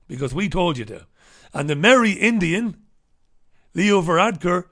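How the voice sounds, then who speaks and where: A man's voice: high voice, very animated, normal speed, long pauses, a bit bright. A man hosting a talk show, delivering a sarcastic, combative monologue and reviewing the papers, swearing freely. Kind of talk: ranting monologue and newspaper review.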